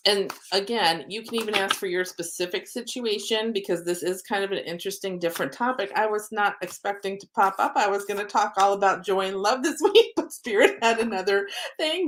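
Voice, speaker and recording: A woman's voice: mid-range voice, fairly bright tone, a little hiss or hum. A woman who works as an oracle card reader and soul coach, hosting a live-streamed card reading. She talks in an upbeat, rambling way with plenty of ums and spiritual language. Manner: chatty, rambling, frequent ums.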